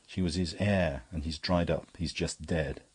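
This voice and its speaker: A man doing a husky, gruff army captain. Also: extremely low pitch, fairly even intonation, normal speed, no room sound. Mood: grieving. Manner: husky and sharp. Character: rough male army captain, blunt and gruff.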